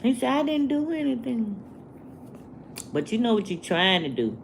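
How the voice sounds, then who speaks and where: A woman, talking to her livestream viewers in a slow, preachy way and asking the same rhetorical questions over and over. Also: fairly high pitch, very animated, creaky, a little hiss or hum. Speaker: vlogger. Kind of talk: casual livestream rant.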